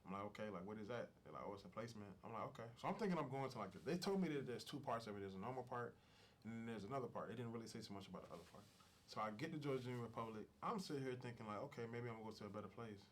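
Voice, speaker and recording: A man's voice: medium pitch, lively intonation, rapid-fire, slight background noise. A young man telling his personal story as an interview guest, frank and emotional, with casual slang and plenty of fillers.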